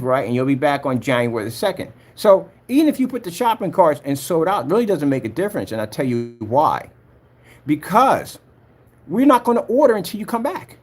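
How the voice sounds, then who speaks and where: A man who makes projector screens, giving heated vlog commentary and taunting a rival with repeated jabs. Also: on the high side. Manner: taunting, repeats himself, talks straight at a rival. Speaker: projector screen maker vlogger.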